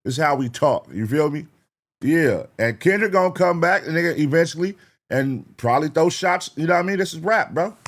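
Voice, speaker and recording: A man's voice: on the high side, a little fast. A man hosting a reaction video, talking casually in slang, repeating points and asking viewers what they think. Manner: animated, slangy, repeats himself, asks the viewers.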